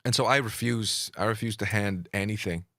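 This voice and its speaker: A man's voice: fairly low pitch, fairly quick, pushed and bright, no echo, clean studio sound. A man co-hosting a podcast in casual chat, talking hesitantly with lots of fillers. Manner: hesitant, filler-heavy, loose phrasing. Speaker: podcast co-host.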